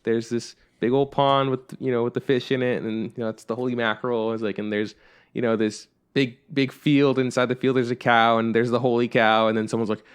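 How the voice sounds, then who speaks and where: A man's voice: medium pitch, flat delivery, fairly quick, clean tone. A young man co-hosting a podcast, chatting casually in a rambling way with plenty of fillers. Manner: rambling, heavy on fillers like "like" and "you know". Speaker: podcast co-host. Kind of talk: casual chat.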